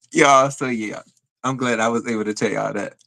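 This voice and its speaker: A man hosting a live stream, telling a story in a chatty, animated way and answering viewer comments. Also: medium pitch, unhurried, creaky. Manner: animated storytelling, addresses viewers as y'all, frequent fillers. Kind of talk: casual live stream chat reading comments.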